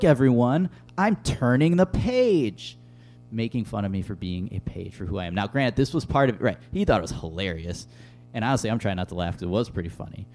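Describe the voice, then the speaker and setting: Youth pastor guy preaching, deep-ish mellow voice, chatty with lots of ums. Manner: conversational, earnest, uses filler words. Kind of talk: sermon with personal story.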